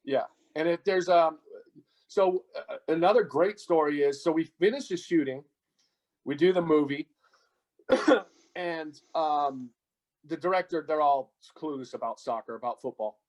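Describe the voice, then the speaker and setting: A man's voice: a little high, a little slow, darkish tone, low-quality recording. A middle-aged man from the United States, a podcast guest and goalkeeper coach, telling long casual stories with plenty of fillers and restarts. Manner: rambling anecdotes with many fillers and restarts. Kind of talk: casual storytelling interview.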